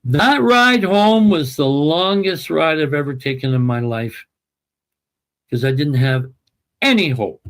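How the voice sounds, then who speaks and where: A man's voice: on the high side, measured pace, a bit bright. A man telling a personal family story as an interview guest, emphatic and emotional.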